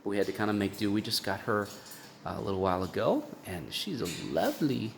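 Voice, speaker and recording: A man walking through the bird room in his house. He gives a casual vlog tour with lots of fillers and restarts, and coos at his birds in high baby talk. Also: very animated, brisk, vocal fry. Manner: chatty, with many fillers and restarts. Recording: constant room noise with clicks.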